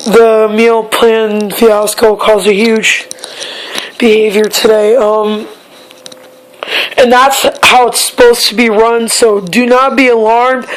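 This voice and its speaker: A young woman, a bit hoarse, talking in a casual personal vlog, halting and repeating herself as she searches for words. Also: on the high side, low-quality recording. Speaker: vlogger.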